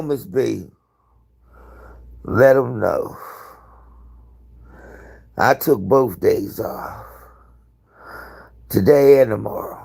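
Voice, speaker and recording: Gravelly, husky man chatting candidly. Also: medium pitch, darkish tone. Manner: candid, profane, rambling storyteller. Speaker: live-stream host. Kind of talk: casual live-stream chat.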